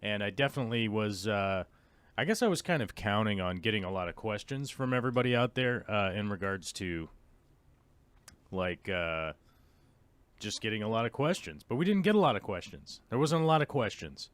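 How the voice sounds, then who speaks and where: A man's voice: on the low side, big pitch swings, moderate pace, fairly bright tone. A man in his forties hosting a live stream, chatting casually with lots of fillers and self-mocking jokes. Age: 40s. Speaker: host.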